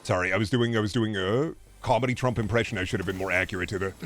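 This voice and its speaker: A man's voice: fairly low pitch, fast, fairly bright tone. A young man streaming a game, riffing in a profane, sarcastic way in casual chatter.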